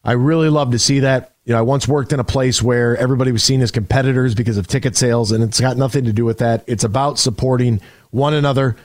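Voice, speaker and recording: A man hosting a call-in sports radio show, talking in an energetic, rambling way with frequent restarts. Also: medium pitch, fast, no room sound, clean studio sound.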